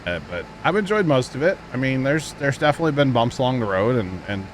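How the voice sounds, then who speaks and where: A man livestreams, chatting casually to his viewers and rambling in an easygoing way, talking straight to chat. His mid-range voice is sing-song and fast, with a little hiss or hum in the audio.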